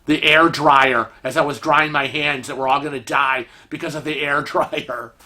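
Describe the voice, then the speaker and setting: A man voicing his stunned, weary husband in a low, deflated mutter. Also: steady tone, normal speed, sharp tone.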